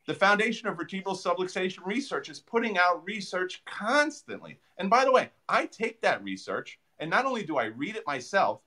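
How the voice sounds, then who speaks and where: A man, a chiropractor guest, answering interview questions with animated storytelling and frequent fillers. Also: sits high, normal speed, few pauses.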